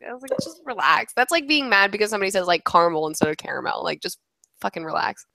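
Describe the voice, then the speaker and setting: A woman's voice: mid-range voice, quick pace, gravelly, no room sound. Young woman, podcast co-host, casual and sarcastic, dry close sound. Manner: sarcastic, animated, laughs often. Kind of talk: casual chat.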